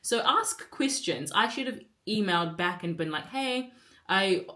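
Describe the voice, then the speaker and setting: A woman's voice: on the low side, animated, moderate pace, sharp tone. A woman in her twenties talking to camera in a rambling, candid way, full of fillers and self-mocking asides. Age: 20s. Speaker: vlogger and actor. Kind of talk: casual chat to camera. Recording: roomy echo.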